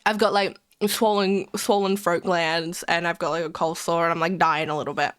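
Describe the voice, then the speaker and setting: A woman's voice: lowish voice, level tone, moderate pace, a bit bright, clean tone. A woman streamer chatting casually to her viewers, rambling and giggly, while sick with a cold. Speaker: live streamer. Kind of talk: casual live-stream chat.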